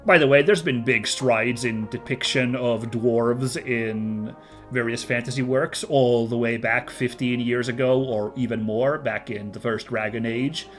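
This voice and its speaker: A man's voice: medium pitch, steady tone, a little slow, faint music behind. A man casually commentating as he plays a game, chatty and laughing often. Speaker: gaming video host.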